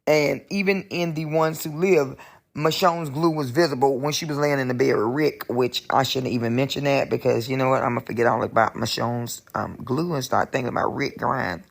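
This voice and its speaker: A woman from Georgia with a Southern Georgia accent, leaving an animated, emphatic voice message that wanders off on tangents. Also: very deep voice, moderate pace, vocal fry. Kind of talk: recorded voice message, casual rant.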